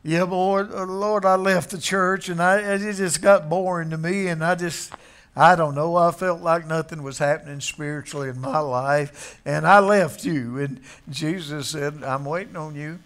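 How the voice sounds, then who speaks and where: A man's voice: on the high side, steady tone, unhurried, fairly bright tone. A man preaching a sermon, telling a story in a folksy way and acting out its characters. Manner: folksy, acts out voices in the story.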